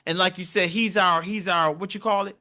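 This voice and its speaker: A man's voice: sits high, a little fast. A young man co-hosting a podcast, telling stories in casual conversation and acting out the voices he quotes. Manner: animated storytelling, acts out quoted voices. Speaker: podcast co-host.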